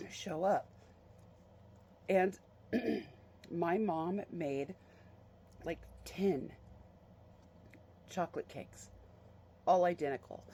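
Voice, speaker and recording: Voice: mid-range voice, darkish tone, a little hiss or hum. Brief: a casual vlogger, chatty and fond, with a mid-range voice. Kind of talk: casual storytelling.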